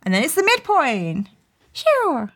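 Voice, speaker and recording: A woman's voice: medium pitch, animated, normal speed, a bit bright. A woman talks through a show recap in loose, casual podcast chat. She giggles often, swears freely and slips into the characters' lines. Her voice swings widely up and down as she talks. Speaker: podcast co-host recapping episodes.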